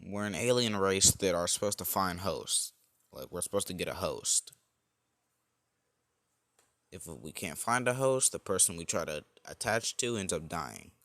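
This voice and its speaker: A man's voice: sits low, lively intonation, a little slow, fairly bright tone, no room sound, clean studio sound, full character voice. A man voicing a male alien symbiote creature who mentors a boy, in a casual, offhand fan-story voice. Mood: calm, explaining.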